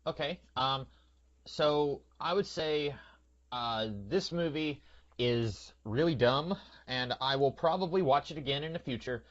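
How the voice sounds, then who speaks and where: A man's voice: on the high side, measured pace. A man hosting a casual podcast, rambling with lots of fillers and now and then slipping into a put-on voice. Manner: rambling, many fillers, slips into character voices. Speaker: podcast host. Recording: dull lo-fi sound.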